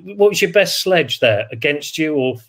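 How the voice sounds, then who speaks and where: A man's voice: a little high, expressive, normal speed, fairly bright tone. A man hosting a podcast, asking questions with hesitant restarts and fillers. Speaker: podcast host. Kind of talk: casual interview.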